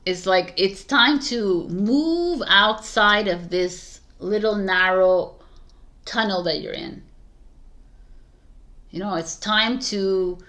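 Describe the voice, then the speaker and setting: A woman's voice: medium pitch, slow, pushed and bright. A woman doing a tarot reading for viewers, speaking casually with many restarts and bursts of emphatic advice. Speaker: tarot reader.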